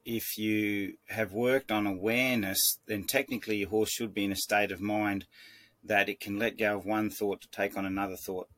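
With no echo in the sound, a man gives calm, measured instruction on training horses, his low voice level and unvarying. He tends to circle around and restart his sentences mid-explanation.

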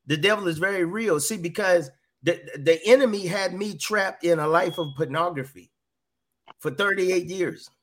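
With a high voice that's a bit bright, a middle-aged man speaks at normal speed while giving earnest personal testimony as a podcast guest. He repeats his phrases often and quotes voices in dialogue.

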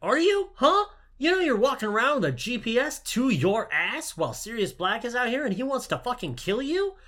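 A man's voice: extremely high pitch, big pitch swings, normal speed, pushed and bright, voice pushed up, exaggerated voice. A man voicing an exasperated male teacher who rants crudely and incredulously at a student. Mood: furious.

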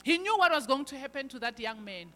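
A woman preaching a sermon, emphatic, moving between loud stressed lines and quiet asides. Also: sits high, animated, fast talker. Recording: long hall reverb.

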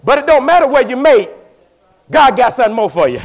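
High-voiced preacher building to shouts. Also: male voice, sing-song, brisk. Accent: Southern US Black vernacular. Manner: call-and-response preaching, folksy and building to shouts. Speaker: pastor. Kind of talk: preaching a sermon.

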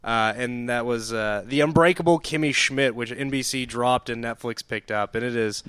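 A man's voice: mid-range voice, moderate pace, fairly bright tone, smooth, dry recording. A man co-hosting a podcast, chatting casually and frankly about TV shows and recommending them with enthusiasm. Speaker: podcast co-host. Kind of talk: casual chat reviewing TV and film.

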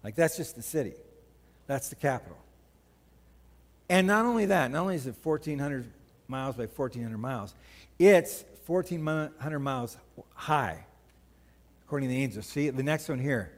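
A man's voice: medium pitch, moderate pace, pauses often, long reverb tail. A man preaching a sermon as pastor, conversational and joking, telling stories to the congregation. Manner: conversational, joking, animated storytelling. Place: church sanctuary.

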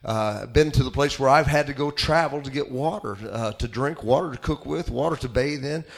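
A man's voice: medium pitch, normal speed, vocal fry. A middle-aged man preaching a sermon in a folksy, conversational way, with many fillers and restarts. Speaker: pastor.

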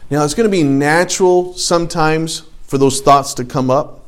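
A man preaching a sermon as pastor in a conversational way, often dropping to quiet asides. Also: on the high side, moderate pace, smooth.

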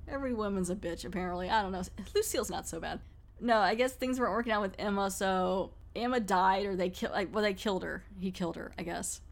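Woman host, casual rambling recap, mid-pitched voice, laughs easily. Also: fast talker, vocal fry. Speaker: podcast host.

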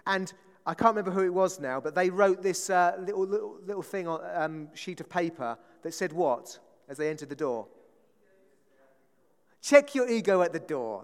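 A man preaching a conversational sermon, often checking in with the congregation with a quick "right?". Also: on the high side, long reverb tail.

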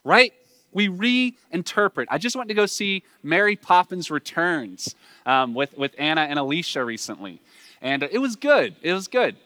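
A man's voice: on the high side, sing-song, normal speed, sharp tone, dry recording, studio quality. A man with a Southern US accent preaching a sermon in a conversational way, asking the listeners rhetorical questions.

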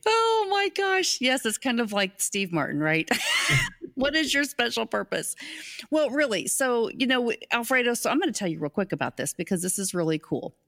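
A woman's voice: on the high side, big pitch swings, normal speed, fairly bright tone. A woman hosting a casual live stream on leadership, upbeat and enthusiastic and often laughing.

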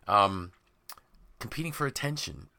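A man hosting a podcast, talking in an emphatic, animated way and voicing imagined people's quotes. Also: medium pitch, unhurried. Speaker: podcast host and author. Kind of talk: conversational podcast discussion.

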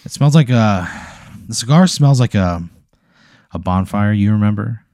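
A man improvising a deadpan, escalating comedic story, acting out quotes from the people in it. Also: lowish voice, normal speed, no echo, clean studio sound. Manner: deadpan, escalating absurd narration with acted-out quotes. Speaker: podcast host.

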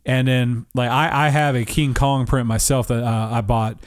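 A man's voice: medium pitch, steady tone, normal speed, no room sound, clean studio sound. A man co-hosting a podcast in loose, rambling casual chat, laughing often and swearing now and then. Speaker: podcast co-host.

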